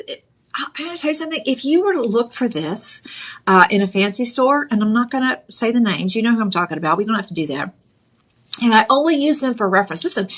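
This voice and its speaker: A middle-aged woman hosts a live home shopping broadcast in a chatty, persuasive way. Her voice sits at a medium pitch, and she coaxes viewers warmly with playful asides and calls them honey. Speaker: shopping channel host.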